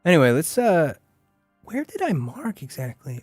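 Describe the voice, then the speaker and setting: A man's voice: fairly high pitch, wildly swooping pitch, normal speed, darkish tone, dry recording, studio quality, soft background music. A man streaming a game live, chatting casually and rambling with lots of "like" as he plays. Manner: chatty, rambling, heavy use of "like". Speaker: gaming streamer. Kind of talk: casual live gameplay commentary.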